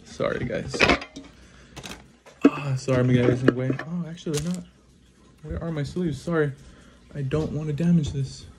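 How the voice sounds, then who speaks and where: A man giving casual unboxing commentary as he opens trading card packs, reading off cards one by one and breaking into excited exclamations and quick apologies. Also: fairly high pitch, noisy background. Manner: names cards one after another, bursts into excited exclamations, apologizes often. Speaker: trading card pack opener.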